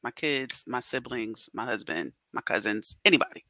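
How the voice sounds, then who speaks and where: A woman co-hosting a podcast, telling a personal story in expressive casual chat. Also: extremely low pitch, moderate pace, dry recording, studio quality. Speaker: podcast co-host.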